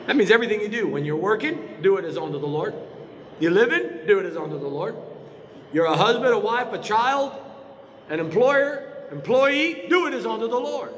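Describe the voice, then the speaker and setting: A male pastor preaching in a church, his high voice swinging widely up and down. He presses his points with repeated rhetorical questions to the people in front of him. The sound carries a long reverberant church-hall tail over a faint ambient hiss. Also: very animated, brisk, a bit bright. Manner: emphatic preaching with frequent rhetorical questions to the congregation. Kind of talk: sermon. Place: church sanctuary.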